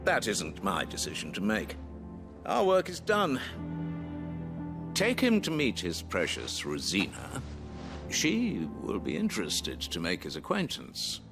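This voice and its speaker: A man's voice: sits low, huge pitch swings, a little slow, vocal fry, music in the background, heavily acted. A man voicing a smug, scheming male noble in a video game, theatrical and condescending.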